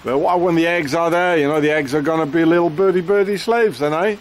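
A man delivering an angry, rambling rant outdoors in the rain, swearing often and filling every pause with "you know" and "eh?". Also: a little high.

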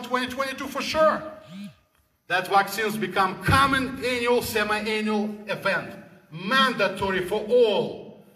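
A fervent man delivers a preaching speech in broken English. His voice is high and bright. The recording rings with a long hall echo. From former Soviet Union. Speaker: guest speaker. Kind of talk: impassioned speech.

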